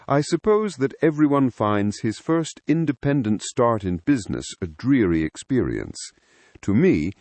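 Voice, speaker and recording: A man reads as a polite young engineer, earnest and a little rueful. The delivery moves up and down in a lively way. The sound is close and dry. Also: mid-range voice, no echo. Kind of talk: audiobook first-person narration.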